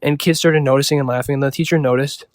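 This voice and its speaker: A man's voice: mid-range voice, steady tone, fast talker, dry recording. A young man casually improvising a rambling story, full of fillers and offhand asides.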